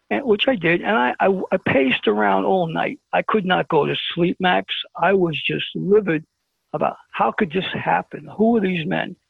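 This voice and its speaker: Man, high for a man, heavy gravelly fry, phone-call storytelling, tinny dry line. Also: no echo. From Brooklyn, New York. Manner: animated storyteller who acts out the dialogue. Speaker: guest telling a personal story. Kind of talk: storytelling on a call-in radio show.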